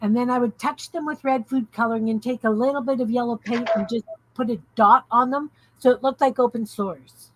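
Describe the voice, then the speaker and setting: A woman's voice: a little high, fairly even intonation, a little fast, hardly any pauses, slight background noise, low-quality recording. A woman hosting a casual crafting live stream, tired, rambling and giggling as she chats with viewers.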